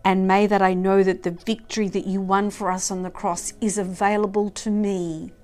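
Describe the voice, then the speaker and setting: A woman sharing a personal reflection and then leading a heartfelt spoken prayer, earnest and soft, sometimes dropping to a hushed whisper. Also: medium pitch, little pitch movement, normal speed. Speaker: prayer leader. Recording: faint music behind.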